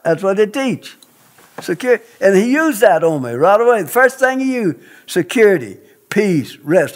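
A man's voice: sits high, big pitch swings, normal speed. A man telling a personal testimony in an interview, speaking in an earnest, emphatic, preacherly way.

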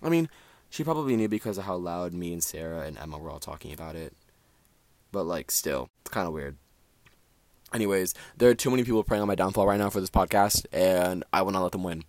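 Teen male podcaster, animated filler-heavy chatter, bouncy pitch, dry closet recording. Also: fast, dry recording. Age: teenager. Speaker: podcast host. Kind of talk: casual solo podcast chat. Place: small closet indoors.

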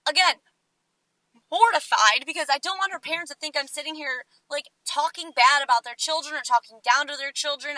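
High, bright young woman telling stories. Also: dry recording, low-quality recording. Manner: chatty and animated, acting out quotes. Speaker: vlogger. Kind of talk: storytelling vlog.

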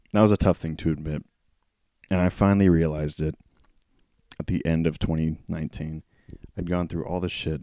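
A man with a very low, warm voice hosts a solo podcast, talking frankly and poking fun at himself. His voice is a little worn, and he keeps clearing his throat. The close mic sounds dry, with no room around it. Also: no echo. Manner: candid and self-deprecating, with frequent laughs. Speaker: podcast host. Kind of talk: casual solo podcast talk.

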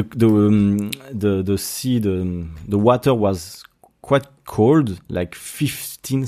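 Young French-accented podcast host, low pitch, halting casual delivery. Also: male voice, mellow. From Brittany, France. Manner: hesitant, many restarts and fillers. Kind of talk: casual solo podcast monologue.

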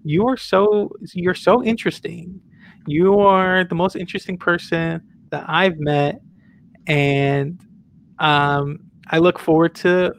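A flattering, smooth-talking male artist piles on compliments in a story game, voiced by a man running it. The voice sits a little high and moves slowly. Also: slight background noise. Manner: gushing, flattering.

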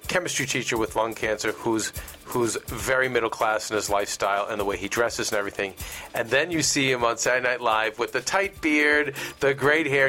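A male panelist with a bright, forward voice argues his case on a TV after-show. He presses his points hard and repeats words as he works toward them. Faint music plays underneath. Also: medium pitch. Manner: opinionated, emphatic, repeats words. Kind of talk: casual panel discussion.

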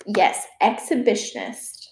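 A woman's voice: slow, a little hiss or hum. A teenage girl chatting casually on her own, rambling and swearing with laughing asides. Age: teens. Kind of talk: casual solo chat. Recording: echoey room.

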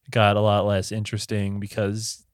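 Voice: low voice, completely flat delivery, moderate pace, clean tone, no room sound. A podcast host running a casual debate show, with wry, dry humor and frequent laughter.

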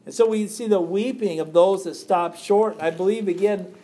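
A man preaching a sermon, reading scripture aloud and explaining it with rhetorical questions, dropping quiet for emphasis. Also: high-pitched, normal speed.

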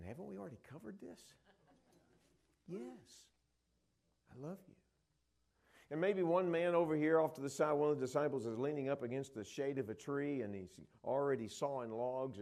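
Animated preacher acting out scripture. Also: male voice, medium pitch. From Dallas area, Texas. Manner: animated storytelling, acting out the disciples' voices. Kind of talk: sermon.

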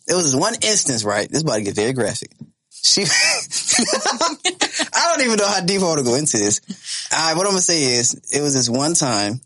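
A man in his twenties telling a story in casual podcast chat, animated and profane, laughing as he talks. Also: mid-range voice, slightly rough. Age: 20s. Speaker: podcast co-host.

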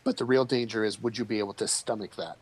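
A man running a tabletop game as game master, describing scenes and calling for rolls with a relaxed, laughing manner. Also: on the low side, quick pace, breathy edge, rough recording.

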